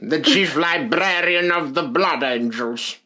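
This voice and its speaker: A man's voice: fairly high pitch, slow pace, bright, forceful tone, pitched above the performer's own voice. A man doing a mock-grand impression of an audiobook narrator's voice for a solemn male chief librarian. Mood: mock grandiose.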